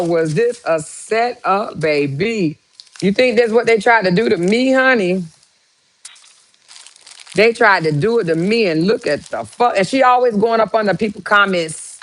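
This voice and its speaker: A woman vlogger in casual reaction mode, talking to her viewers at a slow, drawn-out pace. She is loud with exclamations and swears freely, with her voice sitting in an ordinary middle register. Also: mid-range voice, low-quality recording. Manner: profane, exclamatory, talks to viewers. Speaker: vlogger host.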